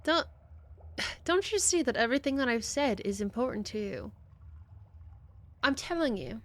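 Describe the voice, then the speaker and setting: A woman's voice: fairly high pitch, expressive, normal speed, pauses often. Earnest woman playing a tabletop character. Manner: earnest, pleading. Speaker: player.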